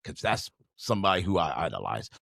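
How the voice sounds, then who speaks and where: Emphatic man with a lively, rangy delivery. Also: low-pitched, fairly quick, gravelly, no room sound, studio quality. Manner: emphatic, preachy, addresses listeners directly. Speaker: podcast host. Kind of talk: motivational business talk.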